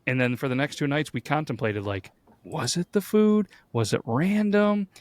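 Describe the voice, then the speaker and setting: A man's voice: on the high side, expressive, normal speed, dry recording. A married man hosting a podcast, telling stories in a blunt, profane, casual way. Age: adult, married. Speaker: podcast host. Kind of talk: casual chat.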